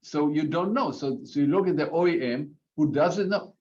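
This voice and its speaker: A man's voice: fairly high pitch, moderate pace, darkish tone. Man explaining over dull lo-fi audio. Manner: explanatory, with frequent restarts. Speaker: academic panelist. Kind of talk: panel discussion. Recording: dull lo-fi audio with faint noise.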